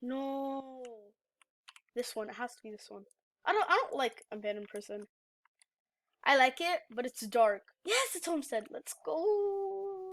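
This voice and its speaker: A woman giving live gameplay commentary, excitable, yelling and groaning at the game as she plays. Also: high voice, a little slow. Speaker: gamer.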